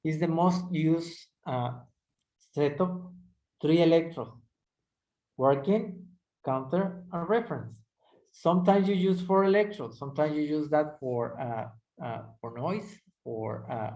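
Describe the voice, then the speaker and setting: First-language guy lecturing, kinda high voice, keeps saying all right?, echoey room. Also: a little mellow. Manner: conversational, repeats "all right?" to check understanding. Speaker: instructor. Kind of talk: technical lecture.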